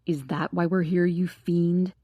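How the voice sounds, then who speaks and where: A woman's voice: lowish voice, steady tone, unhurried, mellow, dry recording, highs cut off. A woman reading an audiobook, voicing a gossipy, theatrical teenage boy who teases his friend. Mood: hissing. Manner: teasing, dramatic, wheedling. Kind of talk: audiobook character voice.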